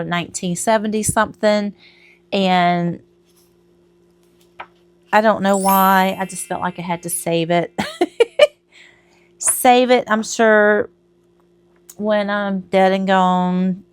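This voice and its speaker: A woman's voice: mid-range voice, clean tone. A middle-aged woman, chatting casually to camera at home, rambling and laughing at herself. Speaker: crochet vlogger.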